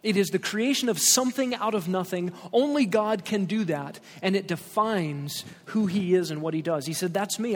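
High-voiced preaching man, echoing hall. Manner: emphatic, reads scripture aloud with rising stress. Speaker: pastor. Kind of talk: expository sermon.

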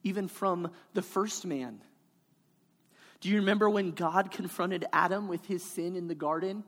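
A woman's voice: fairly low pitch, normal speed. A woman preaching a sermon in an emphatic, repetitive cadence, building her points line by line. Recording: hall reverb.

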